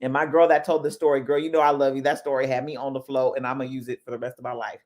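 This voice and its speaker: A woman hosting a casual motivational talk in a chatty, animated way. She tells stories with lively asides and speaks straight to her listeners. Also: rumbling low, racing. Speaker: host.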